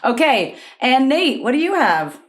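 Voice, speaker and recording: A woman's voice: high-pitched, big pitch swings, a little slow. A woman hosting a comedy podcast game in a playful, teasing way. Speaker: quiz host.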